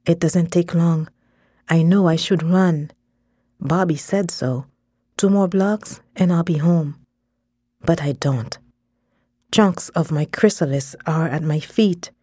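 A woman reading a first-person story aloud in a measured way, dropping in short phrases in another language. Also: on the low side, mellow, slightly rough, no echo, clean studio sound. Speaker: narrator. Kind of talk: scripted story narration.

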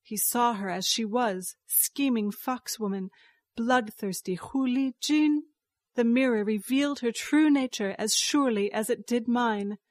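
A woman reading a story aloud in first person, slow and measured. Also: on the high side, no echo, studio quality. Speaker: narrator. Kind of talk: scripted story narration.

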